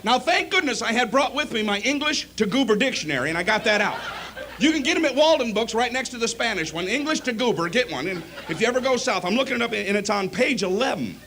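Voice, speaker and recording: A man from Michigan doing an animated stand-up comedy set on a club stage. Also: very high-pitched, fast, a little hiss or hum. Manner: animated storytelling.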